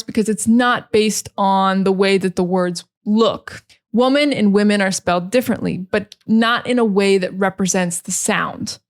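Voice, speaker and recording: An American woman teaching English pronunciation, drilling words over and over with heavy stress and a friendly manner. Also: medium pitch. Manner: friendly, laughs at her own slips. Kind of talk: slow, clear teaching monologue.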